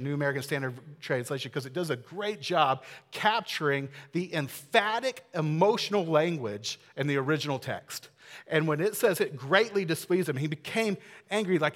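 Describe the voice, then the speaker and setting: Male pastor, animated preaching, slightly high voice, reverberant sanctuary sound. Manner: animated storytelling, swings loud and soft. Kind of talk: sermon. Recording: long hall reverb.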